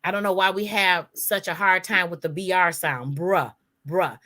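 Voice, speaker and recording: A woman's voice: on the low side, fairly even intonation, moderate pace, pushed and bright. A woman co-hosting a casual podcast chat, emphatic and spelling words out letter by letter. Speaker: podcast co-host.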